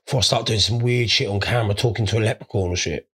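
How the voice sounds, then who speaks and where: A man's voice: fairly low pitch, very fast, fairly bright tone, slightly rough. A stoned man hosting a podcast, telling crude, sweary, rambling stories in a casual monologue. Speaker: podcast host.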